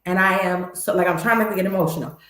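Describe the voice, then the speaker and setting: A woman gives a motivational talk, candid and emphatic, speaking straight to her viewers. Her voice sits a little low. The sound is echoey, as if in a bare room. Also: fairly even intonation, quick pace, fairly bright tone. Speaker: host.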